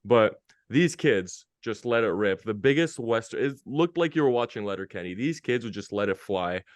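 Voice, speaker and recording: Guest, male, low-ish smooth voice, dry close sound, upbeat slangy storyteller. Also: animated, moderate pace, no room sound. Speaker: guest, hockey media interviewer. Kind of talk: casual podcast chat.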